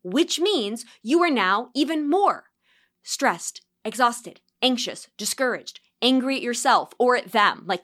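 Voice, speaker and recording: A woman's voice: high-pitched, lively intonation, unhurried, a bit bright. A woman in her thirties hosting a solo podcast, talking earnestly and acting out sighing self-critical thoughts. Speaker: podcast host.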